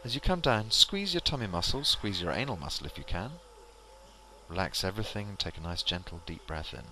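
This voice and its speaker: A man leading a qigong exercise class, calmly cueing each movement and breath step by step. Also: sits low, fairly quick, slight background noise. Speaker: qigong instructor. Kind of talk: guided exercise instruction.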